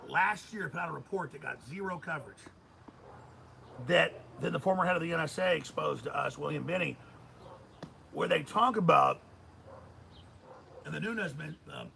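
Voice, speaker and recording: Male radio host, middle-aged, raised and bright, delivering fired-up commentary. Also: a little high, moderate pace, vocal fry, long pauses, a little hiss or hum, low-quality recording. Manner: intense, emphatic ranting. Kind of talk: heated political commentary.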